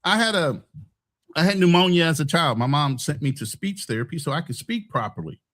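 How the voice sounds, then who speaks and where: A man's voice: on the high side, lively intonation, fairly quick, a bit bright. An American man hosting a heated casual debate, blunt and profane, talking over others. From United States.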